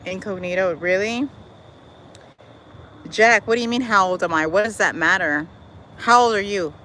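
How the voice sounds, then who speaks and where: A talkative middle-aged woman hosts a casual livestream, walking her garden with a phone in hand. Her voice sits at an ordinary middle pitch, sassy and chatty, calling her viewers y'all and girl. Faint outdoor noise with a passing vehicle hums behind her. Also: normal speed, bright, forceful tone, low-quality recording. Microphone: phone held while walking.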